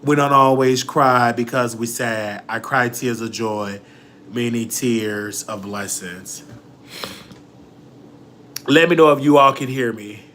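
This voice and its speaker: A man's voice: mid-range voice, slow pace, long pauses, fairly bright tone. A man hosting a livestream, ranting dramatically and preachily, often crying and quoting scripture. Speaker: livestream host. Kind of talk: emotional livestream rant.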